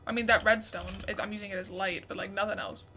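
A woman in her twenties hosts a relaxed gaming livestream, her medium-pitched voice moving at a quick pace over a faint hiss or hum. She chats, reads out viewer messages, and excitedly thanks people who send gifts.

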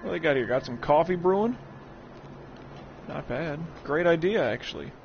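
A man casually commentating his gameplay on a live stream, profane and joking, talking from a warm room at home. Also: on the high side, expressive, normal speed, gravelly. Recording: muffled stream audio over game noise.

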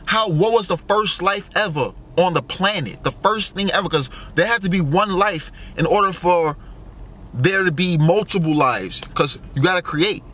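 At a normal speed and with a high-pitched, fairly bright voice, a young male vlogger muses his way through a casual ramble. It's full of filler words and cursing as he wonders aloud.

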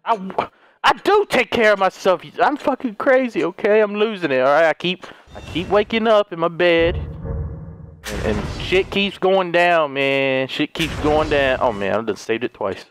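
A man giving casual, excitable commentary while playing a horror video game, swearing freely and talking to himself and the characters. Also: sits high, moderate pace, a little hiss or hum. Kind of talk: casual let's play commentary.

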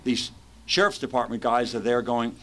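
Animated man telling a recovery story. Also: mid-range voice, normal speed. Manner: animated storyteller, acts out quoted voices. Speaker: recovery meeting speaker. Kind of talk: storytelling share at a recovery meeting. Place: recovery meeting hall.

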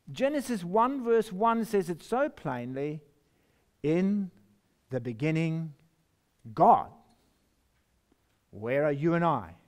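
A man preaching in a slow, deliberate way. His voice sits a little high and swings widely in pitch. He reads scripture with strong, emphatic stresses. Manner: slow, emphatic preaching with lively rises and drops. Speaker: pastor. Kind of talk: sermon.

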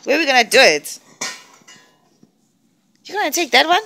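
A woman's voice: high-pitched, big pitch swings, moderate pace, vocal fry, sharp tone, a little hiss or hum. A woman talking casually to her viewers in her home kitchen, chatty and playfully mock-solemn as she speaks to her family. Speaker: vlogger, mother. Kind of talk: casual family vlog chat.

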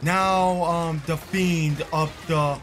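Brief: high-voiced male gamer, slow rambling, swears when raging. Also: steady tone, a bit bright, soft background music. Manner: raging, cursing, rambling with many fillers. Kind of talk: live gameplay commentary.

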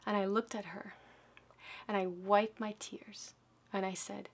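Sex: woman. Pitch: mid-range. Style: dramatic storytelling speech. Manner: swings between loud bursts and hushed near-whispers. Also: little pitch movement, a little slow. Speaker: storyteller sharing a personal story.

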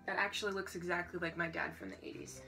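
A woman reading a storybook aloud in a casual way, breaking off for quick, joking asides. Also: fairly low pitch, sing-song, creaky, over music, rough recording.

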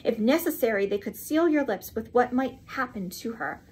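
A grave, distinguished lawyer who speaks in crisp, measured questions and dry remarks, as a woman reading a mystery novel aloud voices him. The tone sits fairly high with a slightly husky edge. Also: animated.

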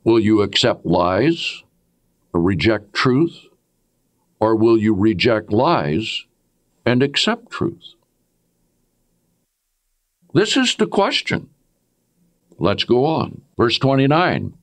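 A man's voice: slow pace, long pauses. A man preaching a sermon, reading scripture and asking his listeners rhetorical questions. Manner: animated preaching, rhetorical questions, swoops high for emphasis.

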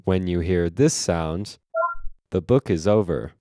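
A woman's voice, pitched down deep, giving slow, measured instructions. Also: warm tone, no room sound, studio quality.

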